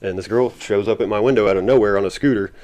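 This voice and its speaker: A man's voice: fairly low pitch, very fast, darkish tone. A man telling a story as an interview guest, rambling and laughing often. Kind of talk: casual storytelling.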